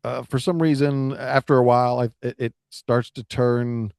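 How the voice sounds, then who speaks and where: The man's voice is medium in pitch, steady, gravelly and darkish, yet clear and resonant, at a moderate pace. He's a podcast co-host in casual chat, rambling and restarting a lot, recorded at studio quality without echo.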